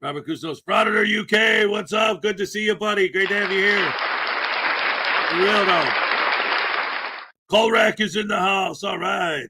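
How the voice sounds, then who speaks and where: A man from Canada hosting a casual morning livestream, greeting viewers by name with loud, upbeat enthusiasm and a slightly rough throat. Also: high-pitched, moderate pace, long pauses, a loud crowd, very noisy. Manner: upbeat, greeting chat names with shouted enthusiasm. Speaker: livestream host.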